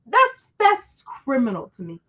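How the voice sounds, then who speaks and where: On a low-quality recording, a woman hosting a casual book channel livestream responds to her chat in an angry, profane rant. Her high voice swoops wildly in pitch, sounds a bit bright, and moves unhurriedly.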